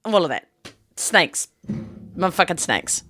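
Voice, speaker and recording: A woman's voice: fairly low pitch, big pitch swings, unhurried, fairly bright tone, no echo, studio quality, soft background music. A woman co-hosting a casual movie podcast, playful and teasing, laughing often. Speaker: podcast co-host.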